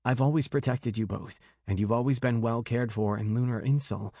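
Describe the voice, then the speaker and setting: A man's voice: medium pitch, steady tone, moderate pace, a little mellow, no room sound, studio quality, lightly acted. A man voicing an intense, protective young man in an audiobook. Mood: pleading.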